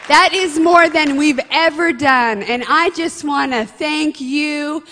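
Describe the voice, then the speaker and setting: A woman's voice: high-pitched, slow pace, few pauses, bright, forceful tone, in a large hall, a faint crowd, a little hiss or hum. A woman leading a church announcement and prayer, speaking in an earnest, heartfelt way. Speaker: church ministry leader. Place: church sanctuary.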